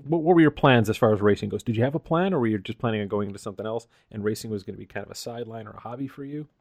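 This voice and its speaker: A man hosting a podcast, asking loose, rambling questions in a relaxed, casual way. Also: on the low side, racing, dry recording. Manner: laid-back, says dude, rambling questions. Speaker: podcast host. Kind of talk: casual interview chat.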